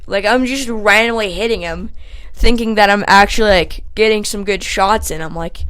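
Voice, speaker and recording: A young man telling a casual storytime vlog, rambling with lots of fillers and growing animated as he retells the story. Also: sits high, moderate pace, clear, resonant tone. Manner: animated when retelling the fight. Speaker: channel host.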